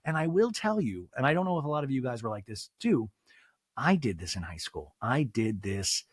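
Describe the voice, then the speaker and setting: A man hosting a podcast, chatting casually and excitably, laughing often and slipping into exaggerated voices for quotes. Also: medium pitch, a little fast, slightly rough, no room sound, clean studio sound. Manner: jumps into exaggerated voices when quoting people. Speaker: podcast host. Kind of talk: casual chat recapping a TV episode.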